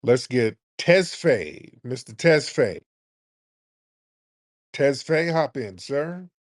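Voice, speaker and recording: A man's voice: medium pitch, lively intonation, extremely slow, no room sound, clean studio sound. A man hosting a live call-in show who talks bluntly and sounds impatient and exasperated with callers. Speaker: radio show host.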